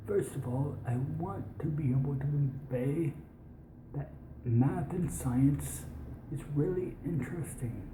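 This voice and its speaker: A young adult from the United States speaking in a put-on posh British accent, hosting a science show in a rambling casual monologue that slips into whispered asides. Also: mid-range voice. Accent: put-on posh British over American. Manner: rambling, with many restarts and slow, stretched words. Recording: echoey room with background noise.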